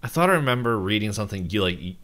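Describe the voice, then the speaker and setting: A man's voice: on the low side, sing-song, very fast, a bit bright. A man co-hosting a podcast, chatting casually in a rambling way, with plenty of "like"s and restarts as he tries to recall things. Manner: rambling, full of fillers and restarts. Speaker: podcast co-host. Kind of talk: casual movie-reaction chat.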